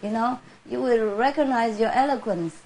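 A woman's voice: fairly high pitch, normal speed, a little hiss or hum. Chuckling woman teaching in a spiritual Q&A. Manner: warm, chuckling, conversational, laughs often.

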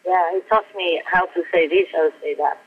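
A woman's voice: on the low side, steady tone, fairly quick, phone-quality sound. An older woman, a spiritual teacher, chatting playfully in a casual storytelling way, often laughing and repeating her words over a video call. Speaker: spiritual teacher answering questions.

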